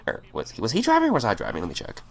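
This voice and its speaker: A man hosts a gaming video and tells a long story in a loose, swearing ramble, tripping over his words and starting sentences again. His voice moves freely up and down in pitch, with a middling, ordinary register underneath. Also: wildly swooping pitch, racing, creaky. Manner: rambling and profane, with stammered restarts. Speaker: gaming channel host. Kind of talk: casual storytelling over gameplay.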